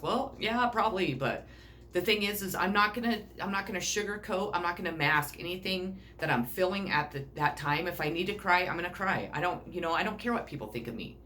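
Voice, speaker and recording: A woman's voice: fairly low pitch, lively intonation, fairly quick, a bit bright, slight background noise. A middle-aged woman giving a casual self-help talk, blunt and rambling, swearing freely. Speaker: personal growth speaker.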